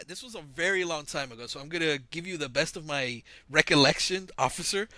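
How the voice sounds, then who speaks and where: A man hosts his own channel, telling a story in a casual, slangy, rambling monologue recorded audio-only on a close mic. His voice is fairly high and bright with a forceful tone, and he talks fairly quickly with hardly any pauses.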